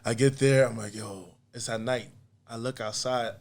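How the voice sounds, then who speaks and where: A man's voice: mid-range voice, fairly even intonation, normal speed. A man guest on a podcast, telling a story casually and animatedly, acting out other people's lines with frequent laughter. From United States. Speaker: podcast guest, artist and comedian.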